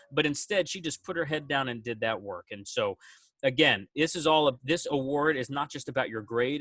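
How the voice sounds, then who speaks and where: Man, teacher, casual on-call award speech; bright, dry and close. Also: medium pitch, dry recording. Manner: warm, animated praise with quoted student voices.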